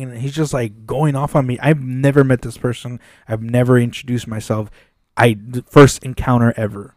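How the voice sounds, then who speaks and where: A man telling a long story in casual podcast chat, animated and swearing often, acting out the dialogue. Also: medium pitch, brisk, no room sound, clean studio sound. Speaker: podcast co-host. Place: podcast studio.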